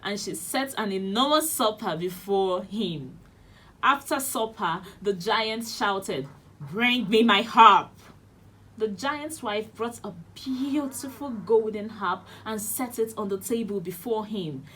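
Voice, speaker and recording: A woman's voice: medium pitch, animated, takes it slowly, fairly bright tone, breathy edge. A woman with a Nigerian accent, a children's radio host reading a storybook aloud expressively. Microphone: studio radio mic.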